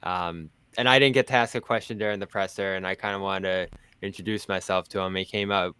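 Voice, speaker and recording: Chatty Boston man, smooth low voice. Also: fairly even intonation, brisk, pushed and bright, no echo. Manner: chatty, laughs often, tells anecdotes. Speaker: basketball podcast panelist. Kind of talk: casual sports chat.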